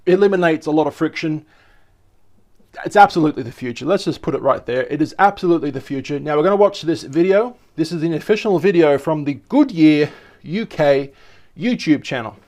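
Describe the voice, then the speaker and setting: A man's voice: a little high, a little mellow. A man hosting a casual video commentary, enthusiastic and rambling, often stopping to correct himself. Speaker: video host.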